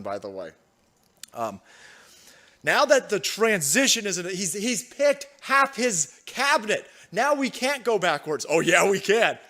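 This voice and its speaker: This is a man with a notably high voice hosting his own live commentary stream. He is furious and profane, firing combative jabs and repeating lines for effect. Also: a bit bright. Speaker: livestream political commentator.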